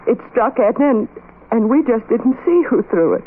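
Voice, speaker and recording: A woman's voice: a little high, expressive, moderate pace, close to an everyday voice. An actress playing an anxious, pleading young woman. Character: frightened young working women arguing. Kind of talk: 1930s radio acting. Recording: tinny hissy old radio broadcast.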